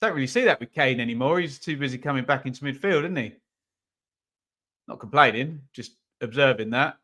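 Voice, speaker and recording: A man's voice: mid-range voice, animated, a little fast, a bit bright. A man running a live football watch-along, chatting casually about the match and reading out viewer comments.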